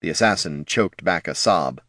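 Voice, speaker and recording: A man narrating an adventure story in a lively, expressive reading voice. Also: low-pitched, normal speed, no room sound, studio quality. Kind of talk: audiobook narration.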